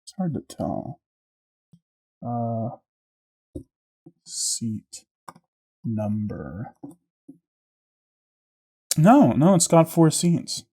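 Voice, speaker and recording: Casual male game master, middle-pitched, hesitant. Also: very animated, extremely slow, pauses often, dark tone, slightly rough. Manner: hesitant, many fillers and restarts. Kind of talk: narrating a tabletop game.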